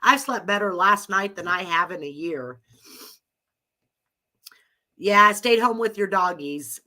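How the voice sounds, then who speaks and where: A woman's voice: mid-range voice, a little slow, pushed and bright. A middle-aged woman with a cold, hosting a live chat with listeners in a rambling, chatty way and laughing often. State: has a cold. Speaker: live audio room host.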